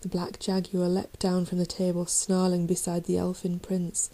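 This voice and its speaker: Woman, storybook narration, low mellow voice, even delivery, dramatic reading. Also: normal speed, low-quality recording. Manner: dramatic reading, raising voice for shouted lines. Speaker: audiobook reader.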